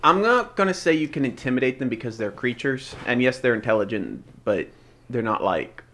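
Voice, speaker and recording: A man narrating a tabletop role-playing game as game master, relaxed and halting, with many fillers. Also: medium pitch.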